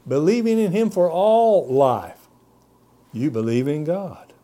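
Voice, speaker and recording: A man preaching as a pastor reads scripture in archaic language. His pitch lifts on key words and sinks low at phrase endings, with wide swings overall. He speaks slowly, in a mellow voice.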